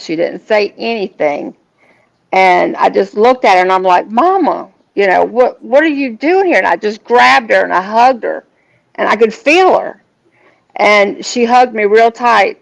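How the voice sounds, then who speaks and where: A woman tells a personal story as a guest. Her voice has a heavy gravelly fry. She speaks earnestly and haltingly, restarting her sentences, and the recording sounds dull and lo-fi. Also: medium pitch.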